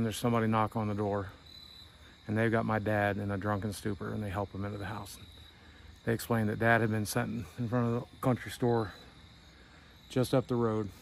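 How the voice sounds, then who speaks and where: A man's voice: lowish voice, slight background noise. A middle-aged man vlogging a tour of his hometown, telling candid stories in a wry, conversational way. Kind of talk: casual storytelling. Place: outdoors at night.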